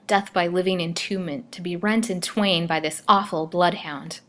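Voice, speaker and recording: A woman storyteller reading a melodramatic serial aloud with expressive delivery. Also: fairly low pitch, moderate pace. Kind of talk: scripted narration.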